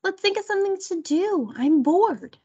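A woman's voice: extremely high pitch, expressive, normal speed, a little mellow, muffled recording, pitched above the performer's own voice. A woman voicing a sensible older sister who coaxes and organizes the other children in a storybook read-aloud. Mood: coaxing. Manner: coaxing, organizing.

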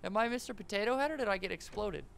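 A man's voice: sits high, expressive, very fast, vocal fry, heavy background noise. A man giving casual, joking commentary while playing a horror game, with jumpy exclamations. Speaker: gaming YouTuber.

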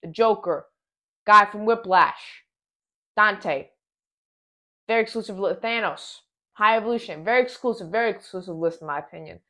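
Excitable rambling woman reviewing a film. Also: mid-range voice, moderate pace, long pauses. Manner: excitable, rambling, frequent restarts. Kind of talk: casual spoiler review.

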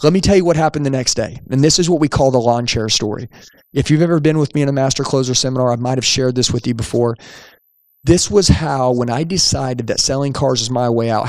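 A man's voice: mid-range voice, no room sound, studio quality. A man hosting a podcast, telling his own story with energy and emphasis and acting out the dialogue. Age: young adult at the time of the story, now older. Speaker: podcast host, sales trainer. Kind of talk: storytelling monologue.

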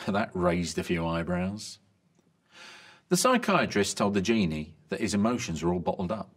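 A man reading a string of medical jokes in a lively delivery. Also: on the low side, moderate pace. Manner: lively joke delivery, bright voices for quoted lines.

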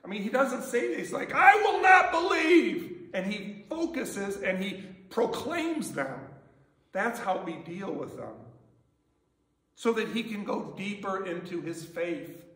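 A male pastor preaches a sermon in a church sanctuary, keeping it conversational and full of rhetorical questions. His voice is high, very animated and unhurried, captured by a distant mic in the echoey church.

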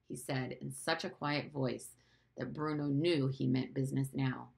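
A woman reading a novel aloud in a measured, even storytelling manner. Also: a bass voice, vocal fry. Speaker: audiobook reader.

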